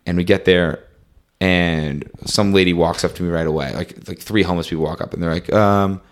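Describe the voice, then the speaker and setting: A man's voice: deep voice, steady tone, a little fast. A young man telling a long travel story in casual conversation, full of "like" and "um", acting out what he and his friends said. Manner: rambling, fillers like "like" and "um", reenacts dialogue.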